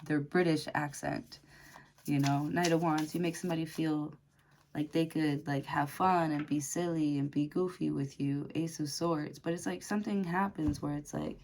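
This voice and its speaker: Low-voiced chatty woman with gravelly fry. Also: steady tone, moderate pace, a little mellow, a little hiss or hum. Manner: chatty, laughs often, lots of fillers. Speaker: tarot reader. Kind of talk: casual tarot reading to camera.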